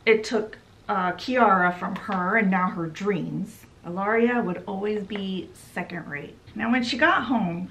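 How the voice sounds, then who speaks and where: A woman's voice: medium pitch, a bit bright. A woman casually summarizing a book in a meandering way, with lots of fillers. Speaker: book vlogger.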